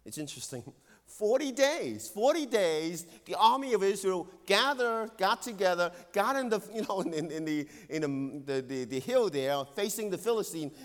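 A man's voice: lively intonation, moderate pace. Earnest preacher man with hall echo. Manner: earnest, swings between loud emphasis and hushed low tones. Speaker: pastor. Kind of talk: sermon. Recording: long hall reverb.

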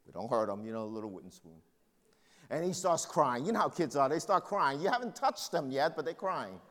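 Brief: male pastor, sermon voice, lively up-and-down delivery, slightly high, hall reverb. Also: a little fast. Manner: conversational preaching with personal stories.

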